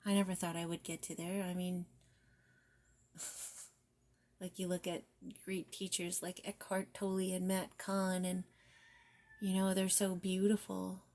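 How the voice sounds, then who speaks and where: A woman gives a spiritual guidance card reading in a mellow, gravelly voice full of vocal fry. Her pitch stays flat and even as she talks in a soft, reflective way, often sinking to near-whispers. She slips in casual swearing between gentle encouragement. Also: a little slow, pauses often. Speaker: tarot reader.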